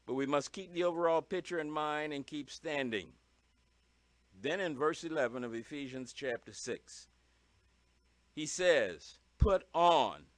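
A man preaching a sermon in an emphatic, repetitive style, punching single words with sudden loud stresses. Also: high-pitched, no echo.

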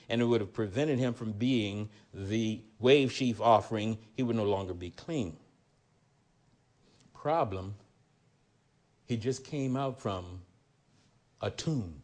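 A man preaching a sermon, reading scripture aloud with rising emphasis, then dropping into quiet commentary. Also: medium pitch.

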